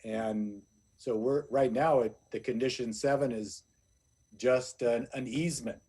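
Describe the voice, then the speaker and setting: A commissioner talks through a point at a meeting. He rambles and fills gaps, at a middle pitch. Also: steady tone, measured pace, a little mellow, husky. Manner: rambling, many fillers. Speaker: planning commissioner. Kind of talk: meeting discussion.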